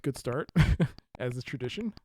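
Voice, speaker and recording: A live streamer giving chatty let's play commentary, rambling with self-correcting asides and breaking into loud yelps and laughter while playing. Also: mid-range voice, animated, normal speed, noisy background.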